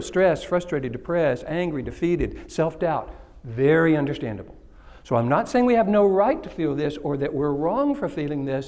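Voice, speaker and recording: A keynote speaker from Kilgore, Texas, jokes with his conference audience and asks them questions. His voice is on the high side with a darkish tone.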